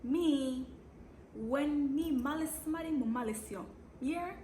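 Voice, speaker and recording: A woman's voice: high voice, a little slow, dark tone. A young woman with a Jamaican accent telling a storytime vlog, blunt and sassy with slangy asides and dramatic repeats. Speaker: vlogger. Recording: echoey room with background noise.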